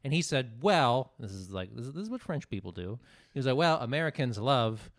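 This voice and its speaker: A man co-hosting a podcast, chatting casually and telling stories, animated and profane, jumping between loud outbursts and low mutters. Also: brisk. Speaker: podcast co-host and comedian. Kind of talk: casual chat.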